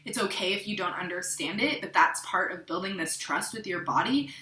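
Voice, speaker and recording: A woman's voice: lowish voice, expressive, a little fast, roomy sound. A young adult woman from the Pacific Northwest, talking candidly and reflectively to her channel's viewers, with frequent restarts. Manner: candid, rambling, with frequent restarts and soft asides. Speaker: vlogger. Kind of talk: casual reflective talk to camera.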